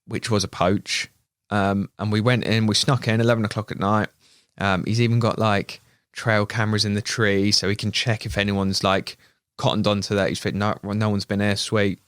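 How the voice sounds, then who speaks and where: Low-voiced English man telling a story. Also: moderate pace, smooth, no room sound, studio quality. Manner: animated anecdote teller, laughs, mimics voices. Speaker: videographer. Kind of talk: casual storytelling chat. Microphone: studio podcast mic.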